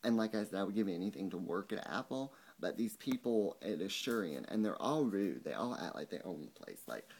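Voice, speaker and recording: A man's voice: sits low, lively intonation, fairly quick, creaky, hardly any pauses, a little mellow, husky. A young man ranting angrily to camera in a vlog, swearing a lot and mocking the people he quotes. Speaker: vlogger. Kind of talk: angry rant to camera.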